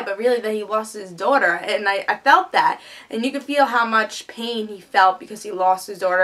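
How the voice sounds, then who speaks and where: A woman's voice: mid-range voice, bright, forceful tone. A woman giving a casual, eager TV episode review, chatty and full of fillers. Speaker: TV show reviewer.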